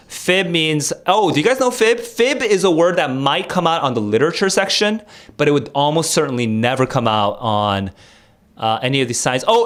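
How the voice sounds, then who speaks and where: A man's voice: on the high side, a bit bright. A young man streaming casually, rambling with many fillers and restarts while he quizzes his viewers on vocabulary. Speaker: streamer and test tutor. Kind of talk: casual livestream chat and vocabulary quiz.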